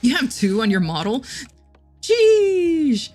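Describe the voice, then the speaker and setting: A woman's voice: sits high, huge pitch swings, slow, a little mellow, faint music behind. A woman livestreamer chatting casually with her chat, giggling often and restarting her sentences.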